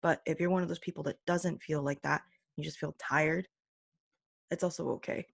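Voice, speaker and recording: A young woman talking casually as a podcast host and English teacher, joking at her own expense and acting out quotes in a higher voice. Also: fairly even intonation, moderate pace, gravelly, no echo, studio quality. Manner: chatty, self-mocking, acts out quotes in higher voices. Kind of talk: casual solo podcast chat. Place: home room.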